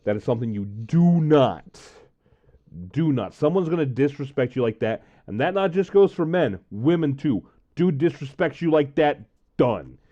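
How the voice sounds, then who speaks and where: A man's voice: a little high, lively intonation, normal speed, warm tone, lo-fi sound. A man telling a long personal story on his vlog in a casual, rambling way, with many fillers and "uh, um"s. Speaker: vlogger.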